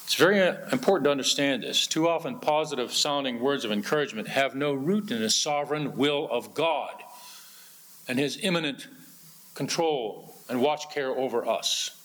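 A man's voice: mid-range voice, moderate pace, a bit bright. A man preaching an earnest sermon, often quoting scripture in old-fashioned wording. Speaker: pastor.

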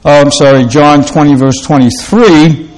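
A man preaching a sermon in a halting way, with many fillers and restarts, slowing down to read scripture aloud. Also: fairly high pitch, fairly even intonation, darkish tone, poor audio.

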